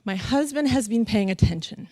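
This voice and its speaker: Animated woman telling a comic story. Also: fairly high pitch, moderate pace, no echo. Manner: animated, acts out other people's voices, laughs often.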